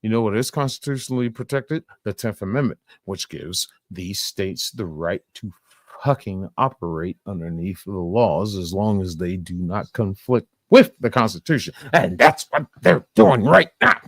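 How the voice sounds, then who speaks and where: A man's voice: lowish voice, lively intonation, normal speed, no echo, studio quality. A man casually reacting on a live stream, profane and rambling, often laughing.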